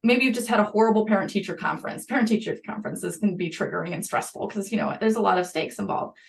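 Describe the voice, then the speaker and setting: Animated woman guest on a podcast. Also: medium pitch, vocal fry. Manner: animated, conversational, quick asides. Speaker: school psychologist guest. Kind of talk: podcast interview.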